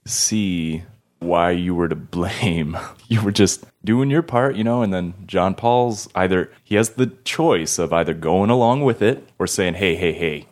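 A man's voice: sits low, measured pace, a little mellow. A man in a casual podcast chat, agreeable and casual, often chiming in with short agreement.

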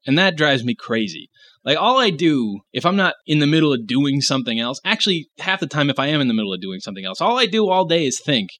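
Bright-voiced man ranting casually. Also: on the high side, very animated, quick pace. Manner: opinionated, ranting, profane. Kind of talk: casual chat.

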